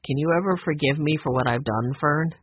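A man's voice: fairly high pitch, brisk, husky, dry recording, muffled recording. A man voicing a sheepish, guilty theater worker in an audiobook.

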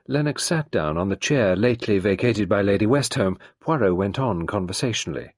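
Husky, low-voiced male audiobook narrator. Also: lively intonation, brisk, hardly any pauses, dry recording, studio quality. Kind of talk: scripted narration of a novel.

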